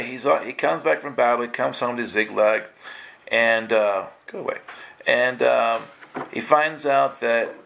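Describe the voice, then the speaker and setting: A man preaching a lively live sermon, playful and quizzing his congregation. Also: mid-range voice, creaky, a little hiss or hum. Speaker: pastor.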